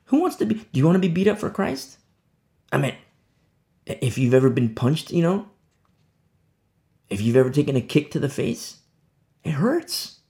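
A man preaching a sermon, firing rhetorical questions and swinging between loud, emphatic lines and hushed ones. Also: on the high side, big pitch swings, normal speed, gravelly, long pauses.

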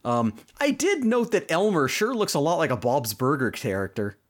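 A man's voice: fairly high pitch, very animated, normal speed. A man from Canada co-hosting a casual podcast, chatty and joking, with many fillers. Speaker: podcast co-host. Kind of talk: casual chat.

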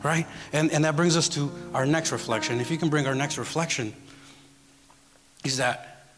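A man's voice: fairly high pitch, moderate pace. A man giving a sermon as guest preacher, telling a personal story in a conversational way and often checking in with the congregation. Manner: storytelling, conversational, asks the audience "right?". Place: church hall with congregation. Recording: church hall reverb with music.

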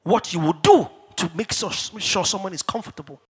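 A middle-aged man from Africa preaching a sermon in church, emphatic and repetitive, dropping to hushed asides and rising to shouted declarations. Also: high-pitched, normal speed, slightly rough. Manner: repeats key phrases for stress. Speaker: pastor.

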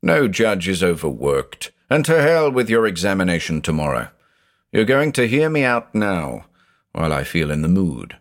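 A deep-voiced man doing a haunted old judge. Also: big pitch swings, normal speed. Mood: anguished. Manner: intense, growling, confessional. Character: haunted, obsessive older male judge, brooding.

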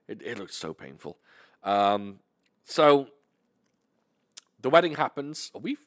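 A British man co-hosting a podcast, telling stories in a casual, animated, sweary way. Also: mid-range voice, slow, no room sound, studio quality. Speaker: podcast co-host. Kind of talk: casual chat.

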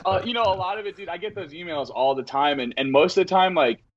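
A record label owner, appearing as a podcast guest, talks fast in a high-sitting voice over a noisy crowd, and the recording is muffled. He chats casually and tells animated stories packed with profanity and fillers.

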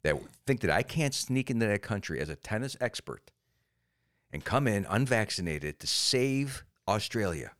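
A man co-hosting a casual comedy podcast, animated and profane, bursting into loud mock-defiant outbursts. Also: on the low side, normal speed. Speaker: podcast co-host.

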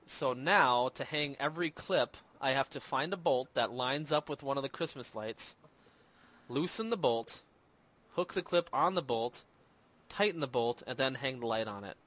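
Brief: male podcast host, mid-pitched, chatty and rambling, easygoing. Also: moderate pace, a bit bright. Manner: rambling, self-deprecating, lots of fillers. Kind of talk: casual chat. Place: home in Minnesota.

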